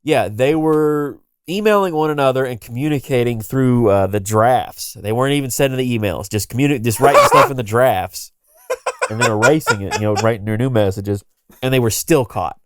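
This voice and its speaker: A man's voice: mid-range voice, fairly quick, background noise. A man co-hosting a podcast, telling a story in casual, emphatic, joking chat. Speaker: podcast co-host.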